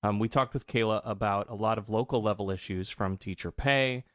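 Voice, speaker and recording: A man hosting an interview podcast in a studio, talking in a relaxed, conversational way. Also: lowish voice, dry recording. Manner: relaxed, conversational, quick affirmations. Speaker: podcast host. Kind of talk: casual interview.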